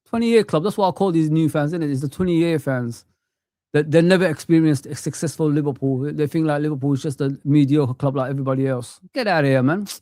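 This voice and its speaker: A man's voice: a little high, fast, dark tone, no room sound, studio quality. A man in his thirties or forties ranting with passion on a live football watch-along stream, sweary and peppering his talk with "man". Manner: impassioned ranting, sweary, frequent "man" tags.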